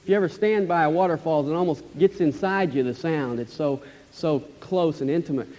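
A man preaching an expository sermon as pastor, emphatic and enthusiastic, repeating key phrases and letting phrase ends trail off softly. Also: on the high side, brisk. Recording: long hall reverb, dull lo-fi sound.

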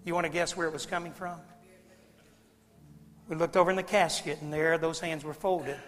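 A middle-aged man preaching, telling a story in a folksy, dramatic way that swings from hushed to loud. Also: on the high side, fairly even intonation, normal speed. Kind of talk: sermon storytelling. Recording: long hall reverb, faint music.

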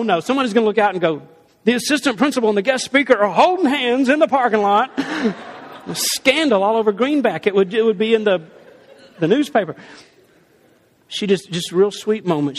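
A man preaching a sermon as he tells a personal story in a conversational, animated way, stumbling and restarting often. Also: sits high, big-room sound. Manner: animated, conversational, frequent restarts, laughs at his own story.

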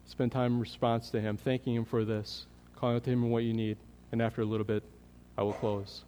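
A man preaching a sermon as pastor, earnest, building in energy and then dropping to a quiet, prayerful tone. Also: medium pitch, little pitch movement, a little fast, slight background noise. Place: church sanctuary. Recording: long hall reverb.

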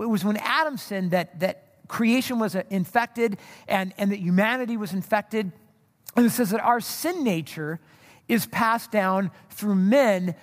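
A man preaching a sermon in a conversational, animated way, with rhetorical asides to the congregation. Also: high-pitched. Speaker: pastor. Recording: long hall reverb.

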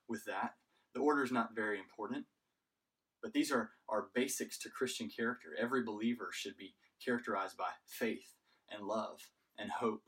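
Low-voiced pastor preaching from a distance. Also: male voice, a bit bright, breathy edge. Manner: measured preaching with frequent word repetitions. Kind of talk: sermon.

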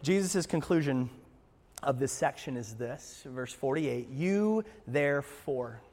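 A man pastor preaching a sermon in a church, moving between hushed passages and emphatic ones, with playful asides to the congregation. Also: medium pitch, a little slow, big-room sound. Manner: passionate, swings from hushed to emphatic. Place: church sanctuary.

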